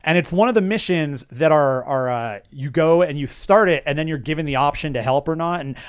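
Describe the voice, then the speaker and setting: A man's voice: a little high, brisk, clear, resonant tone, no echo, clean studio sound. A middle-aged man co-hosting a podcast, chatting casually about video games, rambling with lots of restarts and fillers. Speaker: podcast co-host.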